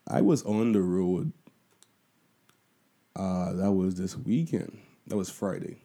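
A young man with a Bahamian accent tells a story casually, swearing freely and breaking off for asides. His voice sits on the low side, with a very dark, mellow tone. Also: slow pace. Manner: profane, loose and conversational, with lots of asides. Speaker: vlogger.

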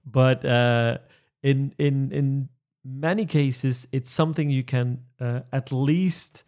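Male trainer, conversational, halting with fillers and restarts, laughs easily. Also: medium pitch, steady tone, darkish tone. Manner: hesitant, many restarts and fillers, chuckles often. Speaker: presentation trainer. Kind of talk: conversational podcast chat.

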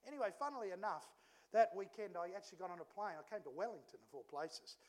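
A middle-aged man preaching a sermon in a church, telling a family story with lively acted-out dialogue. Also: high-pitched, fast. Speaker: pastor.

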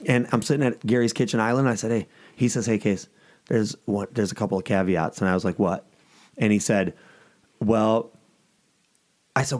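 A middle-aged man, an ice cream shop owner, telling a story casually in conversation and acting out the quoted dialogue in a raised voice. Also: medium pitch.

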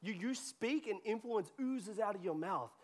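A man's voice: high-pitched, animated, moderate pace. A man preaching a sermon to a congregation in a church, talking conversationally and joking with people in the room. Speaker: pastor. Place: church hall before a congregation.

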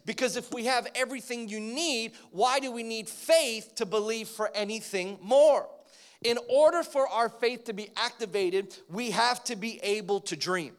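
American guy pastor, high voice, preaching to a church crowd, jokey and fired up. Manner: energetic and joking, rising to emphatic. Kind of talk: sermon. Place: church, in front of a congregation.

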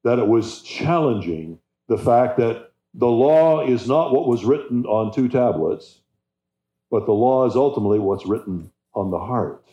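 Mellow-voiced man preaching in an echoey room. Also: medium pitch, lively intonation. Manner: measured, halting delivery with restarts. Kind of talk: Bible teaching sermon. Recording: roomy echo, slightly dull sound.

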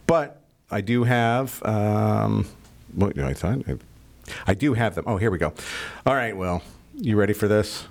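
A man's voice: lowish voice, animated, moderate pace. A man hosting a radio talk show in casual chat, rambling and correcting himself as he goes. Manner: rambling, self-correcting, jokey.

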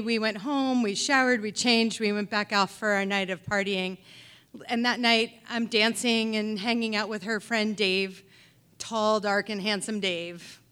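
A middle-aged woman telling a personal story on a theater pub stage, animated and wry, swinging between loud and hushed delivery. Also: mid-range voice.

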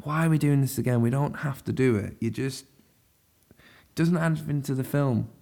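A man's voice: mid-range voice, moderate pace, gravelly, warm tone. A man giving a casual, rambling spoken film review, full of fillers and restarts.

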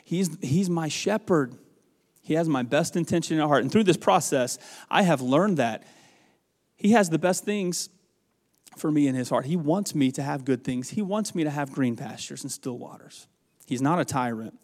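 A man delivers a sermon in a homespun, storytelling way, now dropping low and soft, now building to loud emphatic bursts. His voice sits a little on the high side. The sound rings on in a large, reverberant hall. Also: moderate pace. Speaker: pastor.

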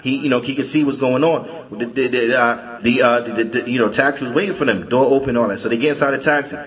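Halting man teaching a class. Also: medium pitch, fairly bright tone, poor audio. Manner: storytelling, halting with many restarts and repeated words. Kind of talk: conversational religious lecture. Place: mosque.

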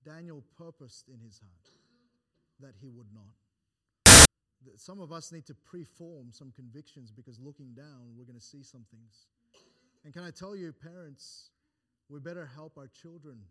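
A man's voice: mid-range voice, bright, forceful tone. A pastor preaching a sermon, building his points with rising emphasis, often restarting phrases and quoting scripture in old-fashioned wording. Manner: restarts and repeated words between points. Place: church.

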